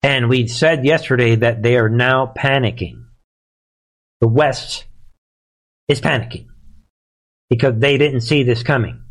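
A man's voice: medium pitch, measured pace, long pauses. A man hosting a live commentary show, talking in a sarcastic, emphatic way and often addressing listeners as "folks.".

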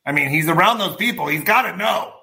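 A man's voice: high voice, lively intonation, fast, vocal fry, sharp tone. A man ranting bluntly and profanely as a commentary vlogger, talking straight to his viewers. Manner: blunt, swearing, emphatic, addresses viewers as folks. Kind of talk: profane political commentary rant.

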